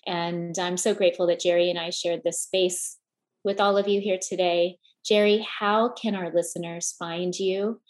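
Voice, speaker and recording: A woman's voice: lowish voice, steady tone, normal speed, darkish tone. A middle-aged woman hosting a podcast, talking with feeling and often stumbling over and repeating her words. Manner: heartfelt, repeats words while searching for them. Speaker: podcast host. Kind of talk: emotional conversational chat.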